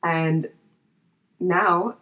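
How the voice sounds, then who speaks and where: A young adult woman with a low speaking voice shares a personal story as a podcast guest. She talks in an earnest, open, unguarded way and keeps reaching for "like" between her thoughts. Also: fairly even intonation, extremely slow, muffled recording. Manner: earnest and open, with frequent "like" fillers.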